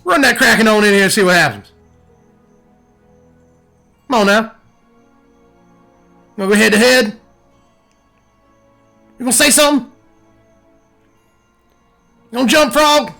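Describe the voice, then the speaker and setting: A man voicing a brash, folksy older country man with a gravelly drawl while commentating a card game. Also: mid-range voice, completely flat delivery, rapid-fire, few pauses, fairly bright tone, soft background music, voice pushed down, close to an everyday voice. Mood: taunting. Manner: taunting, cocky country talk.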